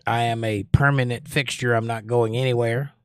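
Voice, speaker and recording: A man's voice: mid-range voice, steady tone, moderate pace, clear, resonant tone, dry recording, clean studio sound. A man from Georgia with a lightly Southern accent, hosting a livestream, reading chat messages aloud and musing on them at length. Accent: Georgia (US Southern), mostly suppressed. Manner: reads chat aloud in a lifted voice, then muses analytically. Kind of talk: casual chat.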